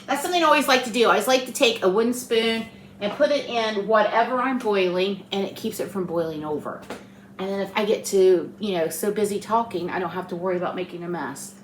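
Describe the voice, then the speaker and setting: A woman's voice: medium pitch, fast, roomy sound, slight background noise. Chatty woman in her kitchen. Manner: rambling, storytelling, talkative. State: tired. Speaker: cooking channel host. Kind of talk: chatty home cooking vlog. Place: home kitchen.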